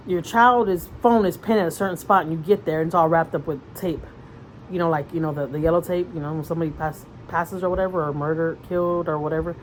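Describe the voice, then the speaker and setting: A woman vlogger with a fairly low voice tells a long story to her camera. Her delivery is casual and rambling, with lots of fillers and restarts. She sounds earnest and conversational throughout. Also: a little hiss or hum, low-quality recording. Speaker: mother vlogger.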